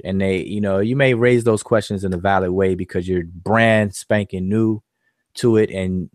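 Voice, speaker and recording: A man's voice: fairly low pitch, no echo, clean studio sound. A man hosting an online study group, talking in a loose, casual way and repeating words with lots of fillers. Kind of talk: casual discussion.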